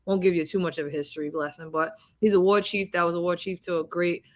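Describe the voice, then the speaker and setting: A woman's voice: on the low side, fast. A woman boxing champion talking in a casual interview over a video call, telling stories and acting out the voices of people she quotes. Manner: animated storyteller, acts out quoted dialogue.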